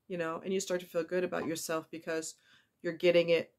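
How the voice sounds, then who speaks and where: A woman's voice: fairly low pitch, flat delivery, a little fast. Chatty, confiding woman vlogger. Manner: warm, chatty, confiding, given to asides. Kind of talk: casual heartfelt talk to viewers.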